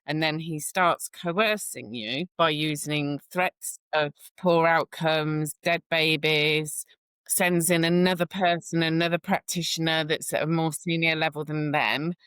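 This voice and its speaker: Bright, firm woman. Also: sits low, fairly even intonation, measured pace, smooth, dry recording. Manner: firm, matter-of-fact, acts out dialogues. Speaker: birth worker. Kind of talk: podcast interview advice.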